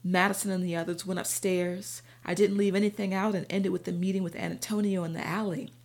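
A woman narrates a first-person audiobook in a steady, even way. Her voice sits low with a noticeable creaky, gravelly grain. She tells the story at an unhurried storytelling pace.

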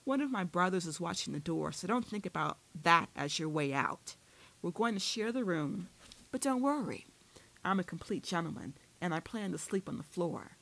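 A woman reading an audiobook, voicing a quiet, determined young man who keeps a woman captive and teases her dryly. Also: on the low side, expressive, moderate pace, creaky, exaggerated voice, poor audio. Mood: teasing. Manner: quiet, firm, dryly teasing.

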